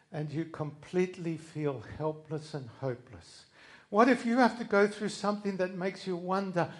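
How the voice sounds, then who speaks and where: Male preacher, sermon, earnest, slow delivery, fairly high voice. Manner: slow, earnest, with dramatic swings in volume on quoted cries.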